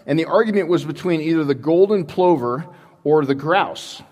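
A man preaching a sermon in a church, telling a story with many halting restarts. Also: a little high, darkish tone. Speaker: pastor. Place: church sanctuary. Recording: long hall reverb.

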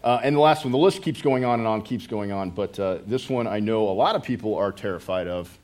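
A man's voice: on the low side, fairly quick, darkish tone. A middle-aged man from the United States preaching a casual sermon, rambling with many restarts and joking asides to his congregation. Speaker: pastor.

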